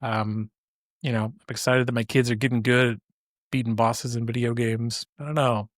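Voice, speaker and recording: A man's voice: mid-range voice, flat delivery, normal speed, dry recording, clean studio sound. A man hosting his own podcast alone, chatting casually and rambling with many fillers and restarts. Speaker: podcast host. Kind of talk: solo podcast chat.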